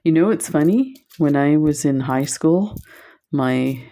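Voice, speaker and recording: A woman's voice: sits low, animated, a little slow, dark tone. A woman presenting beads on camera in a casual chat, telling stories and laughing often. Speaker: bead shop video presenter.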